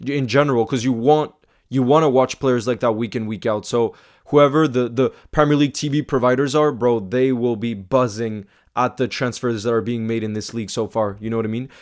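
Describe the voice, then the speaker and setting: An excitable man hosting a football fan livestream, chatting casually, saying bro a lot and reading viewer comments aloud. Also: mid-range voice. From Iceland. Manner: excitable, fast-talking, says bro a lot.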